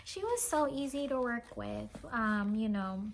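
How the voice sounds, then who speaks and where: A woman vlogger talking slowly in a casual show-and-tell chat, her voice slightly high and full of gravelly fry. She gushes excitably, with plenty of fillers and sighs. Faint noise sits behind her. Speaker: cross-stitch vlogger.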